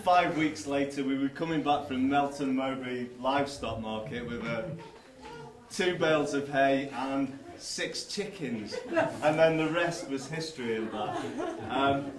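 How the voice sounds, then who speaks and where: A slow, wry man telling stories at his wedding. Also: medium pitch, a crowd in the background. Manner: wry storytelling, slow and animated. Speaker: groom. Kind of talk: wedding speech, anecdotal. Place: large hall with guests. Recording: roomy hall, distant mic, noisy.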